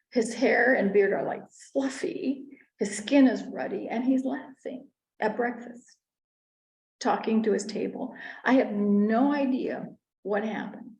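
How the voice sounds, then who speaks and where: Earnest woman speaker, mid-pitched with vocal fry, storytelling lecture in a roomy space. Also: darkish tone. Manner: earnest, narrates personal stories with small restarts. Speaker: conference speaker.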